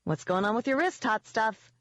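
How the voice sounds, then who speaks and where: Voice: medium pitch, lively intonation, normal speed, a bit bright, no echo, pitched above the performer's own voice, close to an everyday voice. A reader voicing a small, cheeky male pixy who teases and pries, in an audiobook. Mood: teasing. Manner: teasing and nosy. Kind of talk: audiobook character voice. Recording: dull, dry lo-fi audio.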